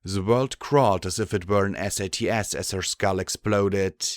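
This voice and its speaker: A man reading a fan fiction audiobook in a steady, measured way. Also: deep voice, no room sound, studio quality. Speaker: audiobook narrator.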